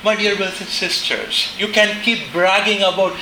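Impassioned preacher with a lively high voice. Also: male voice, normal speed, roomy sound, a little hiss or hum, poor audio. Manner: impassioned, swings between hushed and shouting. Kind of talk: sermon. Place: chapel.

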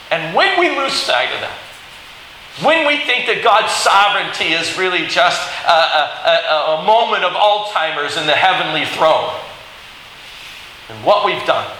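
A man preaching a sermon, telling a Bible story in an animated way and acting out the quoted lines. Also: a little high. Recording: very echoey hall with faint hiss.

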